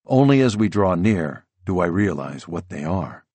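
A man narrating a first-person novel as an audiobook, measured and descriptive. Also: deep voice, sing-song, a little mellow, dry recording.

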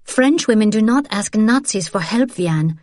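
A woman's voice: mid-range voice, expressive, a little slow, a little mellow, no echo, studio quality, pitched above the performer's own voice, close to an everyday voice. A woman voicing a fierce, blunt young Frenchwoman who sharply reproaches her sister in an audiobook. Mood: scolding. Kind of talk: audiobook character reading.

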